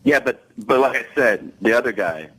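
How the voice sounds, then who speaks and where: On a talk show, a guest comedian with a medium-pitched, slightly rough voice tells a profane story at a moderate pace. He animatedly performs the quoted dialogue and laughs in the middle of it, and the recording itself is rough.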